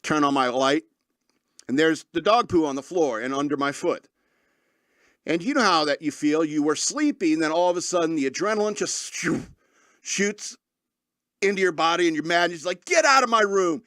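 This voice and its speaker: A man in his forties hosts his own show, spinning a rambling comic story with bursts of mock fury and a lot of laughter. His voice sits a bit high for a man. It is recorded close and dry, with no room sound. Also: normal speed, a bit bright, no room sound. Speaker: podcast host. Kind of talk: casual comedic monologue.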